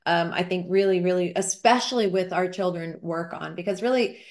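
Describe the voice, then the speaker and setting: A woman's voice: lowish voice, brisk. A middle-aged woman on a faith-based panel, giving earnest, emphatic advice in a conversational discussion.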